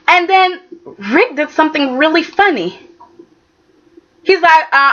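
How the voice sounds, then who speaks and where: A woman's voice: high-pitched, measured pace, long pauses, fairly bright tone. A woman reviewing a soap opera in a casual, emphatic, exasperated way, often tossing in "okay?". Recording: dull lo-fi sound.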